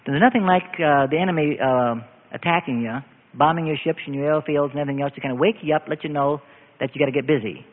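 An older man preaching a sermon as pastor, swinging from low, quiet asides up to loud, emphatic declarations. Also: quick pace. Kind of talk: evening sermon. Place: church hall. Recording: echoey hall, thin phone-like sound.

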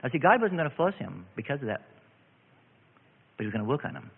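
A husky-voiced male preacher delivering an earnest radio sermon, his pitch swinging lively up and down as he tells stories and repeats phrases. The sound is thin and phone-like, with a long hall reverb trailing behind. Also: fast. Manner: earnest, animated storytelling with repetitions. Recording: tinny narrow-band radio broadcast with hall reverb.

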